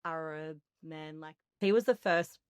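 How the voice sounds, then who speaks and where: A woman's voice: deep voice, steady tone, unhurried, clear, resonant tone, no echo. A woman in her twenties from Australia, with an Australian accent, chatting as a guest and laughing often, her talk full of "like". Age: 20s. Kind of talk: casual chat.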